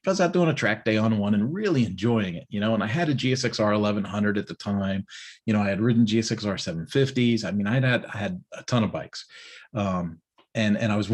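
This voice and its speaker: A middle-aged man with a slightly husky, breathy voice that sits fairly low. He rambles through an anecdote in a relaxed monologue, restarting his sentences and acting out the people he quotes. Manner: storytelling with many restarts, acts out quoted riders. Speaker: business owner giving a morning check-in. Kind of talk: casual spoken monologue.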